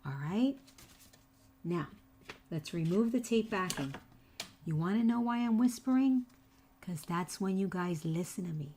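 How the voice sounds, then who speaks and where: A woman's voice: medium pitch, expressive, moderate pace, warm tone, slight background noise. A woman hosting a live craft tutorial, chatty and teasing, repeating each step to her viewers. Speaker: papercraft tutorial host.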